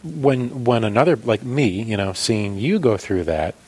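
Gravelly husky man reflecting on faith. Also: mid-range voice, animated, a little slow, darkish tone, rough recording. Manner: thoughtful, affirming, with frequent restarts.

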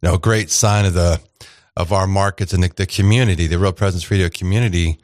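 Male radio host, low voice, dry close studio sound, chatty and rambling. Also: fairly even intonation, fast talker, darkish tone, no echo. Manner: chatty, rambling with fillers and restarts. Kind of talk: casual radio chat.

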